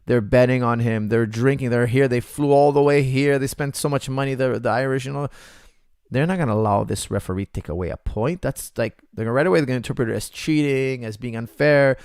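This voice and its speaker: Gravelly man coach, animated storyteller. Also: medium pitch, fairly quick, dry recording, clean studio sound. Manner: animated storytelling, acts out quotes, many fillers. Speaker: coach answering viewer questions. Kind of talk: casual livestream Q&A.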